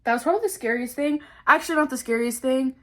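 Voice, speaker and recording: A woman's voice: sits high, fast. A young woman vlogger telling stories in a dramatic, casual way, swearing often and calling her viewers guys. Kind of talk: casual storytelling to camera.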